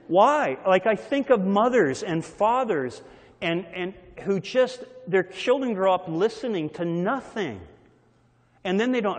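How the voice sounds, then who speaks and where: A man's voice: high voice, sing-song, a little slow. Man preaching in an echoing hall. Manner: repetitive call-and-response phrasing, varied emphasis. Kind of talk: sermon. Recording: long reverb of a large hall.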